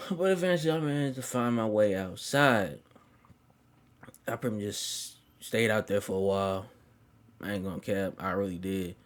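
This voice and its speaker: A man's voice: on the low side, moderate pace. Young guy, storyteller, slang-heavy, swears freely, easygoing ramble. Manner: slangy, profane, laid-back rambling. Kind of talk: casual storytime.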